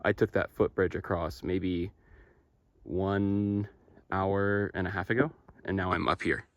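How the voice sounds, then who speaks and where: A man's voice: low-pitched, fairly even intonation, measured pace, dry recording, dull audio. A man vlogging outdoors on a mountain trail, talking to a handheld camera in a chatty, self-deprecating way. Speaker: long-distance hiker filming his hike. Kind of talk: casual vlog narration to camera. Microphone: handheld camera or phone held while walking.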